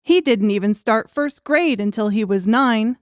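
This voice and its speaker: A woman's voice: fairly high pitch, measured pace, no room sound. A woman narrating an audiobook in a wry, crude comic storytelling manner.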